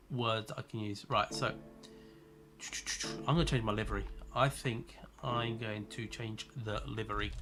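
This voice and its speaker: A man's voice: lowish voice, fairly bright tone, slight background noise. A man live-streaming a racing game, chatting casually and teasing viewers as he answers their messages. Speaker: gaming streamer.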